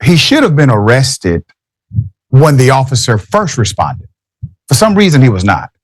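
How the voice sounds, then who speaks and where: A man's voice: mid-range voice, big pitch swings, moderate pace, no room sound. A man hosting a radio talk show, giving emphatic commentary with wry asides into a studio microphone.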